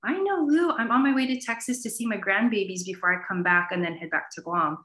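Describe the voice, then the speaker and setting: A woman voicing a friendly, excited older island woman she meets while traveling. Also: medium pitch, brisk, close to an everyday voice. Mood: delighted. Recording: roomy echo.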